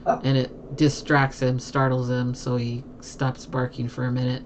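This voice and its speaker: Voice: medium pitch, completely flat delivery, measured pace, background noise. A live streamer chatting casually with viewers from a home desk, laughing often.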